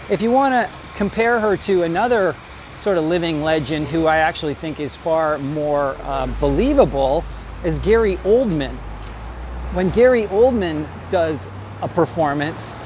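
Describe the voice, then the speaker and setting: Man vlogger, high-pitched, blunt and rambling opinion piece, faint street noise behind. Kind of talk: opinionated commentary.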